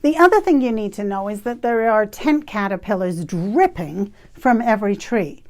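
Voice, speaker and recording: A woman in her fifties from Canada, telling a personal story in an animated, emphatic way with bursts of laughter. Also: mid-range voice, moderate pace. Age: 50s. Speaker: retreat facilitator.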